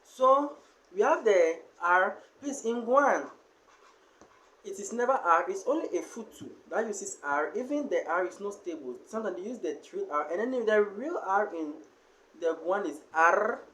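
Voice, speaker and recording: A language teacher giving a spoken lesson on pronunciation, explaining slowly and pausing often with fillers. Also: mid-range voice, animated, fairly bright tone, rough recording.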